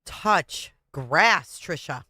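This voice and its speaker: A woman's voice: sits low, animated, drawn-out words, bright, forceful tone, no echo, clean studio sound. A woman hosting a livestream who reacts with short, sarcastic comments. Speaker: channel host.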